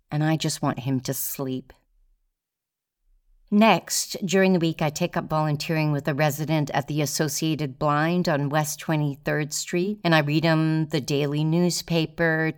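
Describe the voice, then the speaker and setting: A woman with a low, smooth, resonant voice tells her own story as a solo performance. She speaks in a measured, deliberate way, letting pauses land. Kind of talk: first-person storytelling performance.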